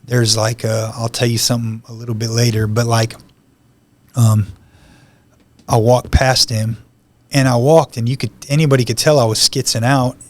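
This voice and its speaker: A man's voice: medium pitch, level tone, normal speed. A man telling his personal testimony as a podcast guest, in a conversational storytelling manner that acts out the lines of the people in it.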